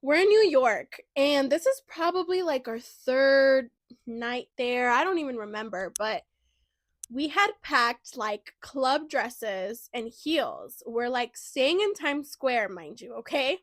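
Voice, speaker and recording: Young woman podcast host, high-pitched, super chatty, dry close sound. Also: slow pace, no echo. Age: 20s. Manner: chatty, animated, lots of "like" and "you know". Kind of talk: casual storytelling chat.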